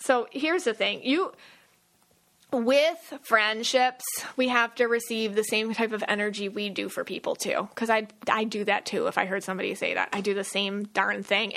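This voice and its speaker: A woman in her thirties co-hosting a podcast, chatting casually and telling stories with animated quoted asides. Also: on the high side, gravelly. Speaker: podcast co-host. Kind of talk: casual chat.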